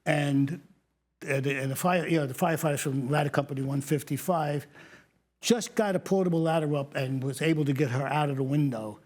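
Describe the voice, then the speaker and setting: New man, 60s, retired fire captain; lively anecdote-teller, slightly raised pitch. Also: brisk. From New York. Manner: animated storyteller, acts out quoted lines, laughs often. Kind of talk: casual interview storytelling.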